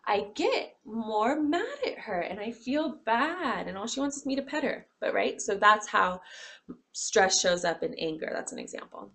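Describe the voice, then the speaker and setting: Gravelly-voiced woman giving a lecture. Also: medium pitch, moderate pace. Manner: expressive, acts out examples, sighs and groans. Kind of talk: classroom lecture.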